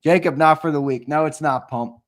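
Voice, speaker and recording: A brash, foul-mouthed man with a slightly high voice chats loosely on a live sports stream. He trash-talks his viewers, reads their comments aloud and laughs as he goes, often saying things twice. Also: fairly quick. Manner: brash and profane, with trash talk; reads out and answers the live chat. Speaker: sports show host. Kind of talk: casual livestream chat.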